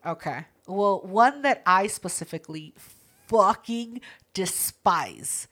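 A woman's voice: mid-range voice, animated, slow, fairly bright tone. A woman co-hosting a podcast in casual, profane chat, ranting bluntly about things she hates. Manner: blunt, ranting, swears a lot. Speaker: podcast co-host.

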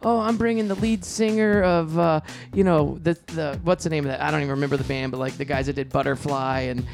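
A middle-aged man telling stories in a casual interview, animated and quick, acting out quoted lines in a raised voice. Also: fairly high pitch, creaky, music in the background. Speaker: comedian and show producer, guest. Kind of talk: casual storytelling in a podcast interview.

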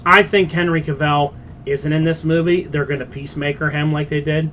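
A fairly high-voiced man rants with energy, opinionated and casual, swearing as he goes. A faint low rumble sits under the recording. He sounds like a regular co-host in an easygoing chat. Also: fairly even intonation, fairly quick, bright, forceful tone. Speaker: podcast co-host. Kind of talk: casual pop culture chat.

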